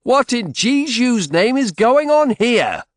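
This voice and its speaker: A man's voice: extremely high pitch, expressive, normal speed, dry recording, clean studio sound, voice pushed up. A man voicing a haughty court official who snaps imperiously, in an audiobook. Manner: snappish, imperious.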